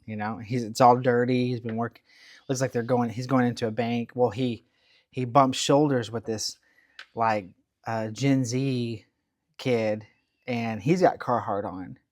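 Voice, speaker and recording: A man's voice: medium pitch, steady tone, a little slow, no echo. Dry-voiced man telling laughing stories. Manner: laughs often, tells stories with acted-out quotes. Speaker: podcast co-host. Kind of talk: casual chat.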